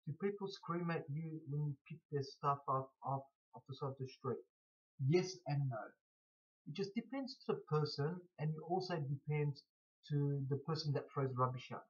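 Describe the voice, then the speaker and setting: Casual vlogger, male, blocked nose, halting delivery with restarts; slightly high voice, dull recording. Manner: halting, stuttering, frequent restarts. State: blocked nose from hay fever. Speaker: scrap collector vlogger. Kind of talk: casual to-camera Q&A.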